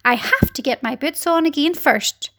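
A woman voicing a fussy, cranky male centipede in a storybook, snapping and loud. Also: sits high, moderate pace, vocal fry.

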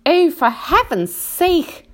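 A woman's voice: very high voice, sing-song, slow pace, pitched above the performer's own voice, heavily acted. A woman voicing a gloomy, exasperated earthworm in a storybook reading.

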